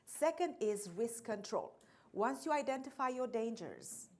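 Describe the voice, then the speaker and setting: A woman's voice: on the high side, big pitch swings, measured pace. A woman with a Romanian accent giving a training presentation on risk management to church treasurers, earnest and explanatory, stressing key terms. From Romanian descent. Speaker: insurance trainer.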